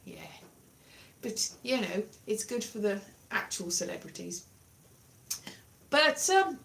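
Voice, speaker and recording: A woman's voice: medium pitch, animated, slow, vocal fry, long pauses, pushed and bright. A woman chatting to a live audience in a rambling, self-deprecating way, wandering off topic. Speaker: livestreamer. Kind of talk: casual rambling chat.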